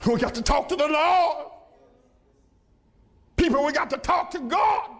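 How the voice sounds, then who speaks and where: A man's voice: extremely high pitch, lively intonation, a little slow, fairly bright tone. An older man, a pastor, preaching a fiery sermon, scolding his listeners with repeated questions.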